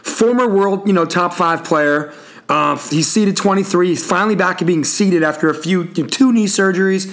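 A podcast host with a high, fairly bright voice speaks at a normal pace on a sports talk show, telling a story wryly and playfully, packing it with wrestling references and tossing to his co-host in casual sports chat.

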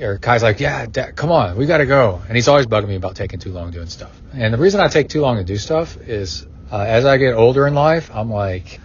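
Middle-aged male podcast host, husky, rambling, casual, muffled lo-fi sound. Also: mid-range voice. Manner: rambling, going off on tangents.

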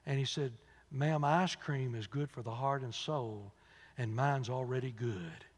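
A man preaching a sermon in a folksy storytelling manner, dropping to soft asides and rising to loud, emphatic peaks. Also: mid-range voice, a little slow, a little hiss or hum. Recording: long reverb of a large hall.

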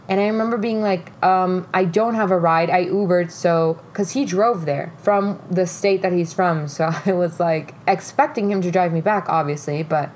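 In her fairly low voice, at normal speed with few pauses, a young woman podcast host recounts a dating story over slight background noise. The casual retelling is animated, frank, and full of swearing, with quoted voices of the people involved.

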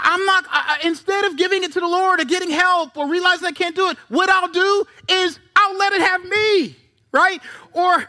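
A man preaching a sermon as pastor, conversational with rhetorical questions and asides, reading scripture with dramatic pauses. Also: very high voice, sharp tone.

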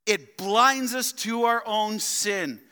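A man preaching a sermon, swinging between loud emphatic outbursts and quiet, low asides, often asking his listeners rhetorical questions. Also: slow, clear, resonant tone, long reverb tail. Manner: addresses listeners as "loved ones" and asks rhetorical questions. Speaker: pastor. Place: church sanctuary.

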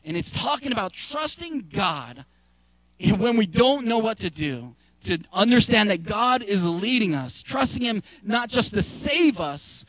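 High-voiced, fiery male preacher. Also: dry recording. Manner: passionate, emphatic preaching with bursts of shouting. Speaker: pastor. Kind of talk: sermon.

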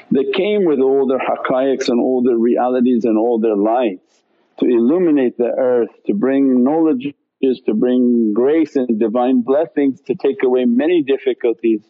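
A man teaching on spiritual matters and answering questions, calm and unhurried, with Arabic devotional phrases throughout. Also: medium pitch, phone-quality sound. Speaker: Sufi teacher. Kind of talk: religious talk answering questions.

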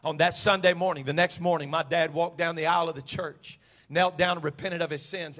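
A man pastor preaching a sermon in a church, moving from quiet storytelling to shouted climaxes. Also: high voice, brisk, some chatter behind. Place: church sanctuary.

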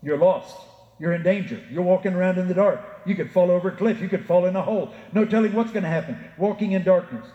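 A male pastor preaches with emphasis, his fairly high voice lifting as he voices the quotations and sinking low when he speaks straight to his listeners. The sound rings through a roomy church hall with a long reverb trailing each phrase. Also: fast, lo-fi sound. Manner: emphatic preaching, rising for quotes, dropping low to address listeners. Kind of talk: sermon.

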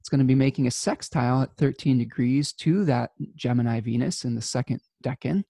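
Gravelly, mellow-voiced man musing earnestly. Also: mid-range voice, no room sound. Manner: earnest, halting, many fillers and restarts. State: choked up with emotion. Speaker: astrology host. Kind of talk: casual spoken monologue.

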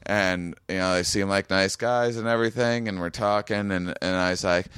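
A man's voice: deep voice, steady tone, fast talker, few pauses, fairly bright tone, clear, resonant tone, no echo. Male comedian telling a rambling anecdote: clean, resonant voice, dead-dry room, lots of restarts. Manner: rambling, stammering restarts, acts out quoted voices. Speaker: comedian guest. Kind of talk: casual storytelling chat. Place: small home room.

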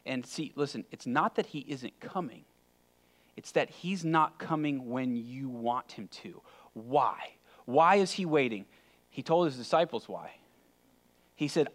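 A man preaching a sermon in a conversational, emphatic way, often dropping suddenly to a quiet voice. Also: on the high side, measured pace. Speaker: pastor.

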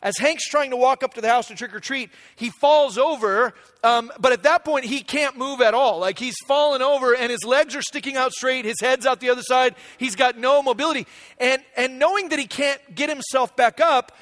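With a very high-pitched, fairly bright voice at normal speed, a forty-something pastor shares a family story during his sermon. He talks conversationally, checking in with listeners by asking "right?"

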